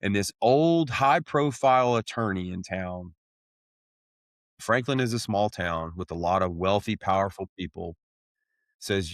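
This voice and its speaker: A man's voice: deep voice, a little slow, dry recording, studio quality. A man telling his own story on a podcast, candid and blunt, swearing casually and calling people "man.". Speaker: podcast host sharing his testimony.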